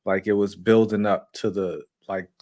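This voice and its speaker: A man's voice: fairly low pitch, flat delivery, moderate pace, a little mellow. A man talking as a guest on a casual live movie chat, rambling with many fillers and restarts.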